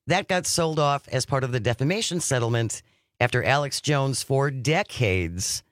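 A man's voice: medium pitch, animated, moderate pace, fairly bright tone, no room sound, clean studio sound. Man reading news on a podcast. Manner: reads news items aloud with occasional commentary. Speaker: podcast co-host.

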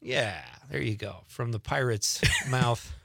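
A man's voice: medium pitch, slow, vocal fry, fairly bright tone, slightly rough, dry recording. A man hosting an evening radio talk show, chatting casually and joking with listeners and guests. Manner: chatty, jokey, reads listener texts aloud. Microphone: studio mic.

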